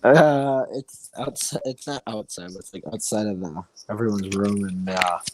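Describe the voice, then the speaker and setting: A man's voice: fairly low pitch, moderate pace, a little hiss or hum. A man co-hosting a casual podcast, telling laid-back, profane anecdotes with lots of fillers. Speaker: podcast co-host. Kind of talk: casual chat.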